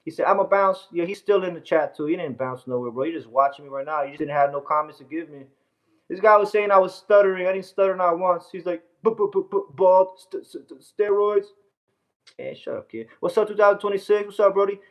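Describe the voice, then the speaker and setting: A man's voice: sits high, quick pace, poor audio. A man from the United States, livestreaming casually, reading comments with a boastful, brash, scattered way of talking. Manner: boastful, brash, scattered, often says "hold on" and "bro".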